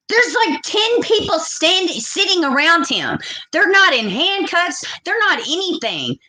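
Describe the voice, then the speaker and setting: A woman's voice: sits high, very animated, unhurried, pushed and bright, rough recording. A woman in her forties hosting a live call-in stream, blunt and outspoken as she reads viewer comments aloud. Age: 40s. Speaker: livestream host.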